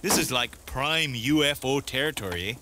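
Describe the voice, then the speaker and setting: An actor voicing a friendly, chatty Canadian camper with a Canadian accent and a folksy drawl, tacking "eh" onto everything. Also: male voice, mid-range voice, expressive, moderate pace, noisy background, natural voice. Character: jolly Canadian camper man, chatty backwoods brother.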